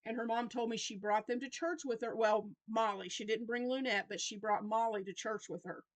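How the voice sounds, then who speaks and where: Speaking fairly quickly with fairly even intonation, a Southern American grandmother in her fifties talks to camera about her week for her crochet vlog. She rambles and restarts in a casual way, and her voice is a little high. There's no room sound.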